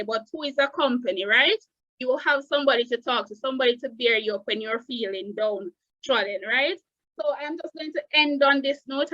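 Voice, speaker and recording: Bright-voiced Jamaican woman lecturing earnestly. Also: high voice, dry recording, highs cut off. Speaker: guidance counsellor, guest presenter. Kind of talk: presentation on a talk show.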